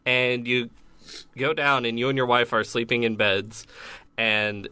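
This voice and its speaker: A man's voice: medium pitch, flat delivery, measured pace, bright, forceful tone, clear, resonant tone, no echo. A man chatting casually on a podcast, recounting things in long, detailed stretches. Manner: detailed, rambling recounting of events. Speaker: podcast co-host. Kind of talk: casual chat.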